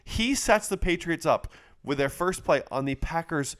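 A man's voice: fairly high pitch, moderate pace. Man chatting casually about football. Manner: relaxed, conversational, often laughing. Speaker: podcast co-host. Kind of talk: casual sports chat.

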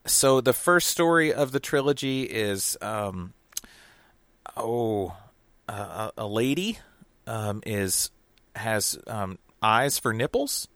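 A man's voice: on the low side, expressive, takes it slowly, a bit bright, no room sound. Rambling man on a podcast. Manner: rambling, hesitant, many fillers. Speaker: podcast co-host reviewing a film. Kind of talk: casual podcast chat.

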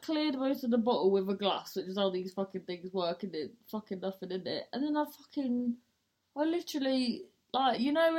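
A woman's voice: on the high side, darkish tone. A young woman hosting her own podcast, rambling casually and swearing freely as she tells everyday stories. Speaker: podcast host. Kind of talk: casual monologue.

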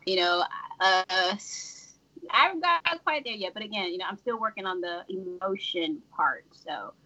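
A woman's voice: mid-range voice, lively intonation, moderate pace, bright, forceful tone, muffled recording. A woman author on a casual panel, rambling with lots of "you know" fillers. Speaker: panel guest, romance author.

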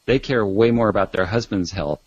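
A man with a lowish voice talks as a doctor guest on a talk show, telling stories animatedly and often restarting his sentences. The sound is dry and muffled, like lo-fi audio. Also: fairly quick, husky, dry recording. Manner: animated storyteller with many restarts. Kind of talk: casual talk show interview.

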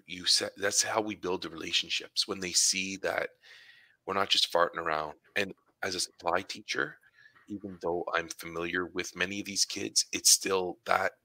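Man, very low voice, supply teacher, casual chat, acts out dialogue, dry close sound. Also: sharp tone, dry recording, rough recording. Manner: storytelling, acts out dialogue with students. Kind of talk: casual conversation.

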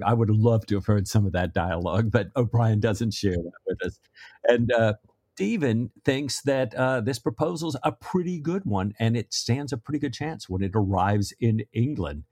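A man's voice: lowish voice, moderate pace, a little mellow, no room sound, clean studio sound. A man co-hosting a casual book discussion podcast, loosely retelling scenes with stammering restarts. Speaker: podcast co-host.

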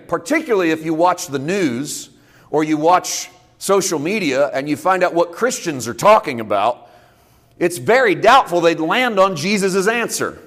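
A man's voice: fairly high pitch, animated, moderate pace, a bit bright. A male pastor teaching a conversational sermon, explaining scripture in a folksy way with casual sports idioms. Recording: long reverb in a large hall.

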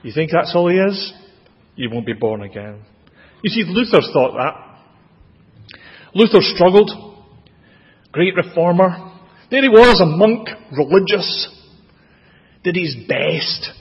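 A man with a Scottish accent preaching a sermon, expressive, with dramatic rises in pitch and volume. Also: slow pace, long pauses. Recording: dull, lo-fi with long hall reverb.

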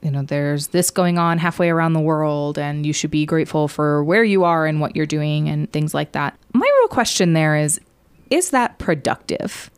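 A woman co-hosting a casual talk show, an animated storyteller in a conversational manner. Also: low-pitched, normal speed, smooth, no echo. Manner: animated storyteller, puts on a defiant child voice. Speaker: podcast co-host.

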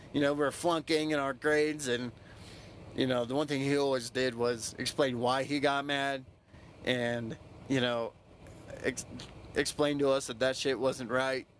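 A man's voice: medium pitch, slight background noise. A young man, a podcast host, telling a personal story casually, loose and profane, with lots of "you know" fillers.

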